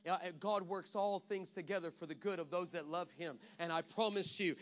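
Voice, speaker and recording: A man's voice: high voice, fairly quick, few pauses. A pastor from Texas preaching a sermon, switching between self-mocking stories and a rising, emphatic preaching cadence.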